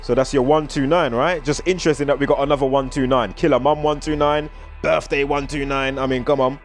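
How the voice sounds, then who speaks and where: A man's voice: mid-range voice, fairly even intonation, brisk, soft background music. A man with a British accent, rambling through a casual vlog commentary and reeling off strings of numbers. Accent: British English. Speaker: vlogger.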